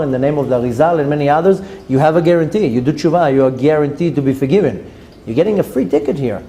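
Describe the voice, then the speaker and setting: A man's voice: on the high side, mellow, slight background noise. A man, a rabbi giving an earnest sermon that urges his listeners on and mixes in Hebrew terms.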